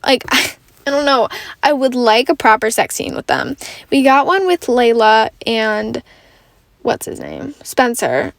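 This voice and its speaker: Rambling young woman, lively tired chatter. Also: on the high side, measured pace, vocal fry, no echo. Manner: rambling, self-correcting, swears casually. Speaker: podcast host. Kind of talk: casual solo podcast chat.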